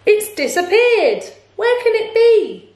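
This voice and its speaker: Woman doing a squeaky upset little robot boy. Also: very animated, slow pace, roomy sound, heavily acted. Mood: distressed.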